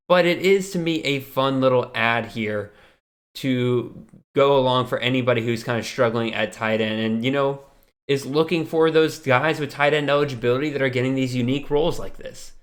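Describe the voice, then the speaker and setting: A young man hosting a casual sports podcast, explaining steadily and handing questions to his co-host. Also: medium pitch. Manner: steady, explanatory, leads the discussion.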